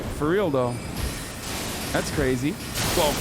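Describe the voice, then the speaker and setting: A man streaming a video game and chatting with viewers, hoarse from screaming, frustrated and swearing, often restarting his sentences. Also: medium pitch, moderate pace, loud music behind the voice. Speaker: live streamer. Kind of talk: casual gaming stream chat.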